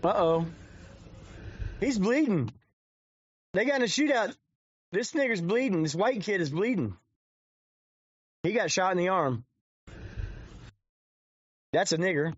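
A man's voice: high voice, expressive, unhurried, pauses often. Crude, rambling streamer man, lo-fi sound. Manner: crude, rambling, swears constantly. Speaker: live streamer. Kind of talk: profane off-the-cuff stream commentary. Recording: dull lo-fi dry sound.

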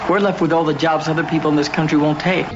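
Here is an actor playing a bitter, resentful young man in an old TV drama, with a fairly high voice. The clip is lo-fi, and loud music plays underneath him. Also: fairly even intonation, fast talker, natural voice.

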